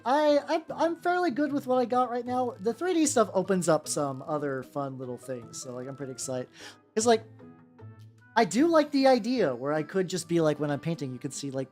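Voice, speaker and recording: A woman's voice: on the low side, a little mellow. A woman streaming while she paints miniatures, rambling casually, swearing freely and greeting her chat by name. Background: faint background music.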